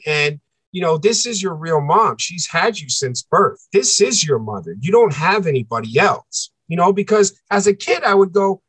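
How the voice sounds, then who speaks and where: A man telling a personal story as an interview guest, earnest and halting, often repeating himself for emphasis. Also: fairly high pitch, lively intonation, a bit bright, slightly rough, no echo, poor audio.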